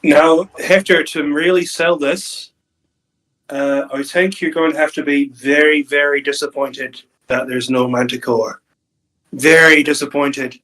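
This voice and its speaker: A slow, unhurried man with a fairly high voice, chatting casually at a tabletop game. He plans out loud haltingly, hunting for words between ums. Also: steady tone, poor audio. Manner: hesitant, full of ums while planning. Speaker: player.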